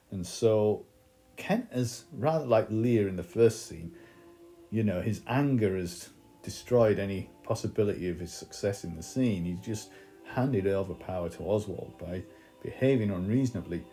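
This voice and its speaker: Male literature teacher, deep mellow tone, chatty lesson delivery with ums. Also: moderate pace. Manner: conversational, thinking aloud with fillers and restarts. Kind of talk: explaining a play in a recorded lesson.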